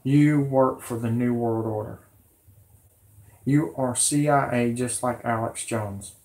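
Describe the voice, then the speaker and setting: A man with a drawl whose voice is hoarse and worn from illness. He rambles to his viewers, agitated and pleading, circling back over the same words again and again. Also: medium pitch, steady tone, slow, a little mellow. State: hoarse, sick voice. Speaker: conspiracy vlogger. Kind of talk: rambling monologue to camera.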